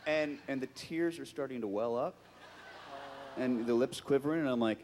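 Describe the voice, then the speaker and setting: A man's voice: on the high side, big pitch swings, normal speed, in a large hall, a little hiss or hum. A man, a guest actor on a convention stage, telling a comic anecdote to a live audience and acting out the quotes in whiny voices.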